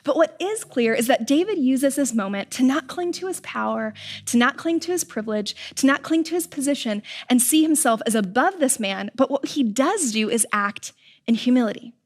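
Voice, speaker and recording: Young woman, preacher, high voice, casual sermon, animated storyteller, slangy. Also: normal speed.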